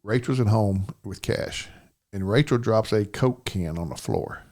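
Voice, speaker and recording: Gravelly older man telling a story. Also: fairly low pitch, measured pace, a little mellow. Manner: plainspoken storytelling with frequent "you know what I'm saying". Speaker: podcast guest. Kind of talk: telling a personal story in an interview.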